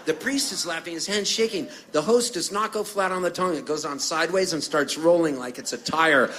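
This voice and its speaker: A man's voice: fairly high pitch, brisk, fairly bright tone, a little hiss or hum. A middle-aged man from Canada, a singer-songwriter telling stories between songs on stage, chatty and jokey, acting out the voices of people in his tales. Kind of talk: storytelling stage banter.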